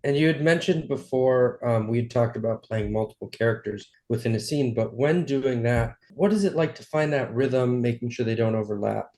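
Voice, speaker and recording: A male podcast co-host asks his questions calmly and plainly, with no fuss. His voice sits at a mid pitch, and he keeps a steady, conversational tone. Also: moderate pace, hardly any pauses. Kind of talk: casual podcast interview.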